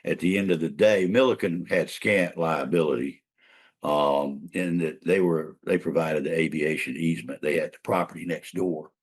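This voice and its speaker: A man's voice: a bass voice, fairly even intonation, normal speed, breathy edge. An older man, a trial lawyer and mediator, telling a long case story in a casual interview, rambling with fillers and restarts.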